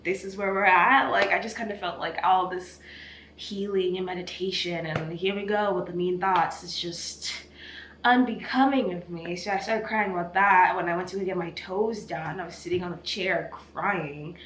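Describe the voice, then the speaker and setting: A young woman vlogs straight to camera while teary from crying, rambling candidly and poking fun at herself. Her voice sits a little low. The sound has an echoey, roomy quality. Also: steady tone, moderate pace, fairly bright tone, slight background noise. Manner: rambling, candid and self-mocking. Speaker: vlogger. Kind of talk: casual vlog talk to camera. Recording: echoey room.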